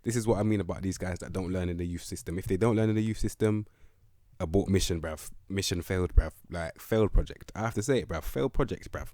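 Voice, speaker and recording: A man's voice: sits low, fairly even intonation, fast, warm tone, no echo, studio quality. A young man giving blunt, slang-heavy commentary on a football management game. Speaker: gaming video host.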